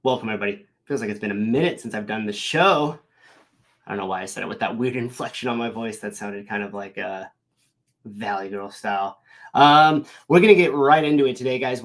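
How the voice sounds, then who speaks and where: A man's voice: mid-range voice, no room sound. Casual rambling man, dry close sound. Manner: rambling, self-interrupting, reads live chat. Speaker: show host. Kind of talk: casual livestream chat. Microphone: desk mic.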